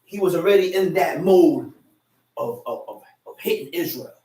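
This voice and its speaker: A man's voice: a little high, expressive, moderate pace, warm tone. A male preacher giving an emphatic, repetitive sermon, reading scripture and restating it in slang. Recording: echoey room, far from the mic.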